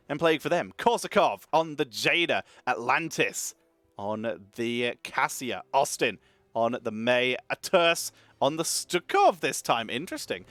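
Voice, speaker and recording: Lively male esports caster. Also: a little high, normal speed, dry recording. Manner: energetic, chatty, thanks subscribers between play calls. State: wired on caffeine. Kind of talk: live esports commentary.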